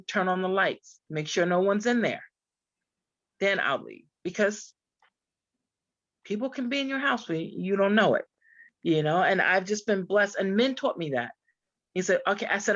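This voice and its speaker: A woman's voice: medium pitch, animated, normal speed, pauses often, no echo. A woman coach speaking earnestly in a panel discussion over a video call. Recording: dry, dull lo-fi audio.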